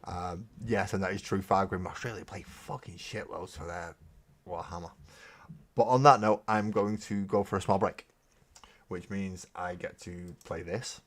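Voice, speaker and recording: A man's voice: deep voice, moderate pace, a bit bright. A man hosting a casual live stream while painting miniatures, rambling and joking, with casual swearing. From Britain. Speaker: streaming hobby host.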